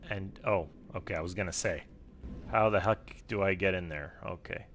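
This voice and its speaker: A man streaming a game and chatting casually in quiet, mumbled asides to himself. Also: sits low, normal speed, slight background noise. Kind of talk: casual gameplay chat.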